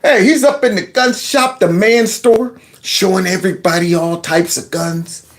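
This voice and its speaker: A man's voice: high voice, steady tone, a little slow, a little hiss or hum. Sarcastic man mocking a video clip. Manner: sarcastic, mocking, talks to viewers as y'all. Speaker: commentator reacting to a video clip. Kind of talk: casual mocking commentary.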